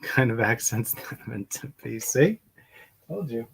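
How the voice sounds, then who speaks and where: A man chatting away on a casual painting livestream, his voice sitting at a middling pitch. He rambles from topic to topic and calls out to viewers by name as he works. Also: expressive, measured pace, creaky, breathy edge. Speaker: livestream host painting miniatures.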